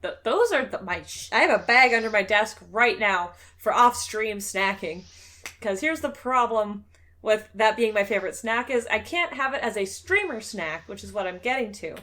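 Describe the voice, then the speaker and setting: Bright-voiced chatty woman host. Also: medium pitch, animated, normal speed. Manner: chatty and joking, swears casually. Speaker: streamer and show host. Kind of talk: casual podcast chat.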